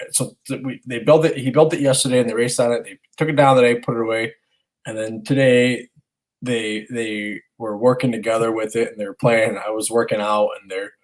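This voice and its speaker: A stay-at-home dad co-hosts a parenting podcast, chatting casually as he tells a family story. His mid-range voice moves briskly, and he animatedly acts out his kids' lines. The recording is rough.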